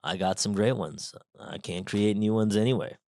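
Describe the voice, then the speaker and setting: A man's voice: fairly low pitch, moderate pace, creaky, a little mellow. A man doing a laid-back, resigned songwriter drawl. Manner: drawling, calls people man.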